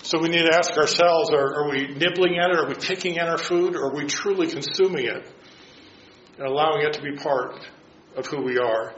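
A man's voice: fairly high pitch, brisk, a bit bright, a little hiss or hum. A man leading a Bible study, teaching a group and putting rhetorical questions to them. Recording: dull echoey room recording.

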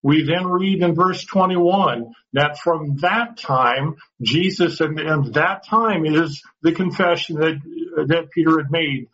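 A man's voice: on the high side, slow pace, few pauses, a bit bright. A man teaching a Bible study class, earnest and explaining step by step, often repeating words as he goes. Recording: dull lo-fi sound.

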